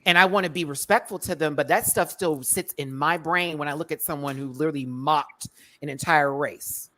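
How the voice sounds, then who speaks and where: A woman hosting a casual panel chat, sassy and animated, acting out quotes as she talks. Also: low voice, fairly quick. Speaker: show host.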